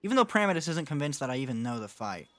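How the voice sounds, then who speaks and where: A man's voice: medium pitch, sing-song, racing, fairly bright tone, dry recording. Chatty young man streaming a game. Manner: casual, chatty, reads and answers chat, laughs often. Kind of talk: live-stream gaming chat.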